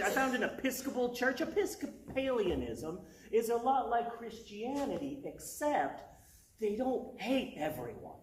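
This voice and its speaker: Lively trans woman doing stand-up. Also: medium pitch, measured pace. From United States. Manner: chatty, self-mocking, laughs at own jokes. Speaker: stand-up storyteller. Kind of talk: stand-up comedy storytelling. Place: small live venue with audience. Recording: echoey room, distant mic, background noise.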